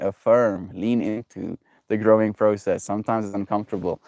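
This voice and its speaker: A man livestreaming, chatting casually with viewers in a gentle, self-affirming, meandering way, laughing often. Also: lowish voice, steady tone, moderate pace, clear, resonant tone, no room sound, clean studio sound. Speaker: daily livestreamer. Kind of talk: casual reflective chat with viewers.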